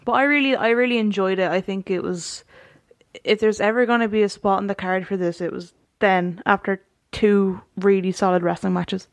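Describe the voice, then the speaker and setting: A woman's voice: mid-range voice, fairly even intonation, normal speed, no room sound. A woman co-hosting a podcast, chatting casually about a wrestling show, laughing often and rambling through restarts. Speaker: podcast co-host.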